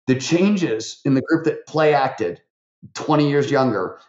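A man, a podcast guest and author, talking in a lively way, telling stories full of fillers and quoted voices. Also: medium pitch, echoey room, muffled recording. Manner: animated, fast-talking, with many fillers and acted quotes. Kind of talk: conversational interview storytelling.

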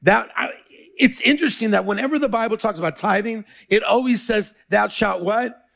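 Male pastor, high gravelly voice, call-and-response sermon delivery. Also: normal speed, a bit bright. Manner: call-and-response preaching, quizzes the congregation.

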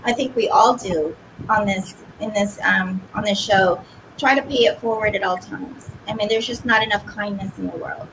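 A woman co-hosting an interview in casual chat, chatty and reading aloud a little haltingly. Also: medium pitch, background noise. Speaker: co-host.

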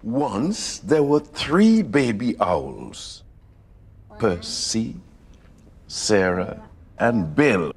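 A man reading a children's picture book aloud, coaxing his listeners along. His voice is gravelly and unhurried, and it swings widely in pitch with every line. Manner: animated, coaxing storytelling.

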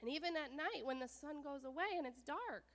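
A woman telling a children's story during a church service, lively and often asking the children questions. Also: high voice, a little fast. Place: church sanctuary. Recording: long church reverb.

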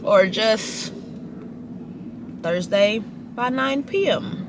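A young woman vlogging into a handheld phone while people watching at a restaurant. Her chatty, gossipy talk sits a bit high and swoops all over the place. There is a faint hiss behind her. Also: expressive, extremely slow. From Dallas, Texas. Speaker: lifestyle vlogger. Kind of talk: casual chatty vlog talk to camera.

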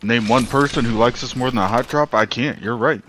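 A man's voice: medium pitch, fairly quick, fairly bright tone, slight background noise. A man chatting while gaming with friends, making dry, sarcastic jokes. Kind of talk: casual gaming chat with friends.

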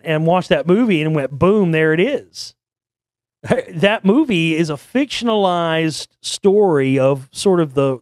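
A man's voice: fairly high pitch, no echo, studio quality. A man in his forties hosting a show, talking in a rambling, blunt and profane casual monologue. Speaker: show host.

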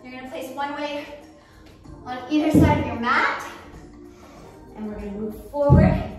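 A woman's voice: sits high, normal speed. A woman fitness instructor leading an exercise class, counting reps aloud and encouraging, a little out of breath. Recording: echoey room, distant mic, faint music.

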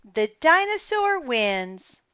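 A crowd of excited storybook children, voiced by a woman who calls out in a raised, cheerful voice. It is louder and higher than her reading voice. The sound is smooth, clear and dry. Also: unhurried, no room sound, dull audio, exaggerated voice.

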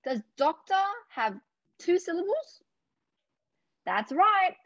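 A young Australian woman leading a children's lesson, gently encouraging the kids and drawing her words out. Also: extremely high pitch, big pitch swings, takes it slowly, dry recording. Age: young adult. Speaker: speech clinic presenter. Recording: dull dry lo-fi audio.

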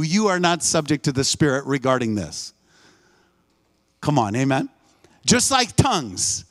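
In a church sanctuary, a guest preacher's high, slightly bright voice rings out in a live sermon. He calls to the congregation, leans on emphasis, and repeats phrases in a call-and-response style.

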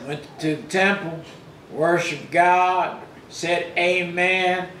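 A man preaching a sermon as pastor, retelling scripture in plain everyday speech and rising loud for the quoted rebukes. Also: fairly high pitch, takes it slowly, echoey room, slight background noise, rough recording.

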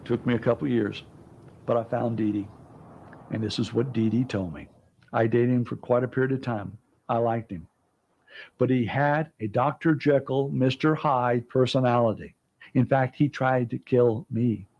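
A man's voice: mid-range voice, fairly even intonation, moderate pace, slightly rough. A man, a private investigator, plainly recounting events in a documentary interview. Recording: dull archival interview audio.

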